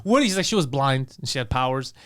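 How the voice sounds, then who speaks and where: A man co-hosting a comedy podcast, telling a story in casual comic style and acting out the lines of his friends. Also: medium pitch. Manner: rapid, animated, acts out quoted friends. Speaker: podcast co-host.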